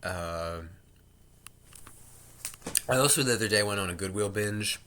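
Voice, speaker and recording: A man with a low-pitched but very bright, edgy voice rambles through a casual home vlog. He cuts himself off mid-thought and tosses in jokey asides. The sound comes from a laptop's built-in mic. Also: a little slow. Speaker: vlogger.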